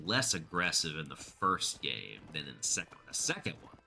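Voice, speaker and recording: A man streaming a game speaks in a rumbling low, creaky voice that's bright and forceful, with big pitch swings, a moderate pace, and few pauses. His commentary is casual and rambling as he chats with viewers and reads chat aloud.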